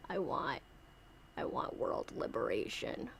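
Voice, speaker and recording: A woman's voice: very animated, slow pace, fairly bright tone, a little hiss or hum, exaggerated voice. A woman whispering as a cookie-craving creature. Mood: whispered demands. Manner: low breathy whisper, broken childlike grammar. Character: small male creature, greedy cookie-craving. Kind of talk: whispered role-play.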